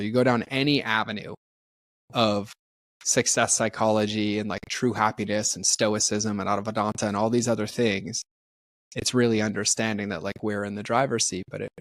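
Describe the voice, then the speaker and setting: Middle-aged guy, kinda low voice, dry close mic, chatty storytelling, does the quotes out loud. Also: no room sound. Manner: animated, acts out quoted dialogue with many "like"s. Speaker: podcast guest, personal development trainer. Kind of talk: candid storytelling in conversation.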